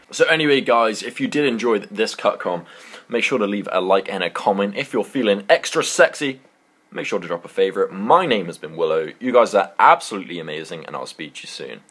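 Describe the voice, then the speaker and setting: A man's voice: lowish voice, animated, brisk, fairly bright tone, husky. A young man with a British accent, telling a school story to his channel in a laid-back, rambling way with casual swearing. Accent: British English. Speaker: channel host.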